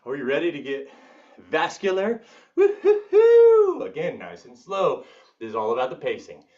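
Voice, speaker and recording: A man leading a live workout class as fitness instructor, counting reps and joking with the class, with bursts of high whoops. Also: very animated, fairly quick, recorded from a distance, muffled recording.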